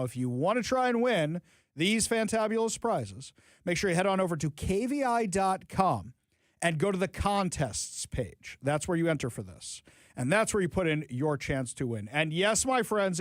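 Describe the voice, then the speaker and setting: A man's voice: high-pitched, dry recording. A man hosting a political talk radio show, reading news items and breaking into sarcastic, mocking asides. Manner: reads news items aloud, then comments on them.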